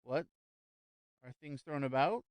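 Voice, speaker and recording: A composed young gentleman with a wry, lightly amused way of talking, his voice smooth and clear, as a male narrator plays him. It is mid-pitched and sounds dry and close, as in a storybook reading. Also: slow pace, no room sound, lightly acted. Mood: calm.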